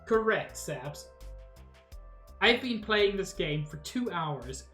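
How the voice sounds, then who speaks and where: A woman's voice: medium pitch, lively intonation, drawn-out words, long pauses, fairly bright tone, soft background music, low-quality recording. A woman streamer giving casual, playful and enthusiastic commentary while playing a game.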